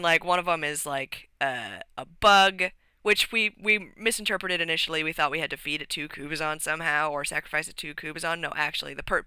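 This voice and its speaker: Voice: medium pitch, pushed and bright, clear, resonant tone, no echo, rough recording. A streamer rambling through a casual recap of a tabletop game session, with lots of fillers and restarts.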